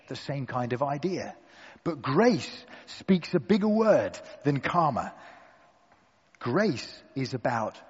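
A man preaching a sermon to a gathered room, deliberate and emphatic with dramatic pauses. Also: medium pitch, slightly rough, big-room sound, dull audio. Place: church hall with an audience.

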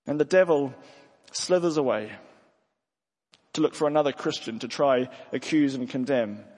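A man's voice: a little high, animated, normal speed, darkish tone. A man preaching a sermon in an earnest manner, often restarting his words. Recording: long hall reverb.

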